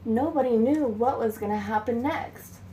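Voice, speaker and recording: A woman's voice: fairly high pitch, normal speed, mellow, slight background noise. A woman telling a folktale in a plain, homespun way for a storytelling class. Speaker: student storyteller.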